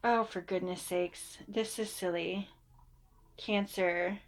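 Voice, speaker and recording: A woman's voice: medium pitch, fairly even intonation, takes it slowly. A woman giving a casual, chatty tarot reading. She reassures her listeners and now and then mimics them in a mock voice. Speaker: tarot reader.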